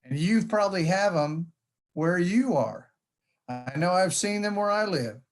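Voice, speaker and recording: Lively and unhurried, this conference speaker's high-sitting voice carries a folksy presentation talk. He spins it like a story and sprinkles in humor along the way.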